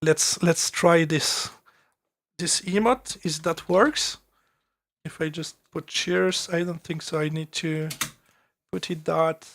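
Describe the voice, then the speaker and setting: A man's voice: a little high, steady tone, takes it slowly, fairly bright tone. A man with a French accent talking casually on a live stream as he produces music, thinking aloud with many fillers and restarts.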